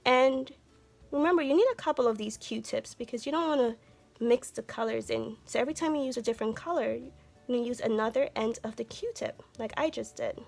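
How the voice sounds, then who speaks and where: A woman teaching a children's art lesson, speaking gently and encouraging viewers to take their time. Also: on the high side, a little fast, creaky, faint music behind. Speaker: art instructor.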